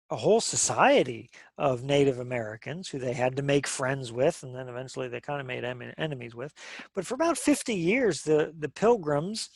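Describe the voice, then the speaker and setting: Gravelly man teaching a class. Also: medium pitch, no room sound. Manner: conversational, asks the class questions, many restarts. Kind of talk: social studies lecture to a class.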